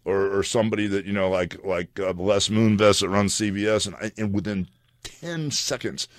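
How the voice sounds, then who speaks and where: A man's voice: lowish voice, moderate pace, no echo, studio quality. An older man, a guest in a casual interview, telling rambling stories full of "you know" and restarts.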